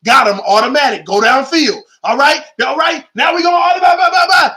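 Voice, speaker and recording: A man putting on the voice of a cocky star quarterback who fires off quick, clipped play calls and shouts at the line. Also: very high voice. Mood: confident, calling plays.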